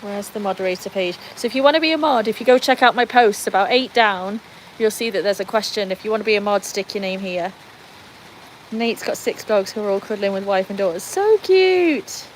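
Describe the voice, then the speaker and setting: On a rainy, tin-roofed veranda, a woman with a British accent chats casually on a livestream, reads viewers' comments aloud and coaxes her dogs. Her mid-range voice is brisk with lively intonation. The low-quality recording has a little hiss or hum.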